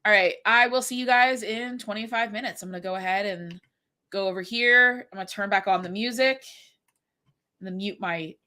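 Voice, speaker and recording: A woman in her forties, a middle school French teacher, chats casually from home on a livestream during a writing sprint, rambling through stories with plenty of fillers. Her congested voice is medium-pitched and bright, with a forceful tone at a moderate pace.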